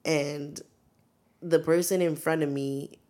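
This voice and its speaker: A woman's voice: low voice, steady tone, slow, darkish tone. A young adult woman co-hosting a podcast, telling a blunt, profane story in casual chat. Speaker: podcast co-host.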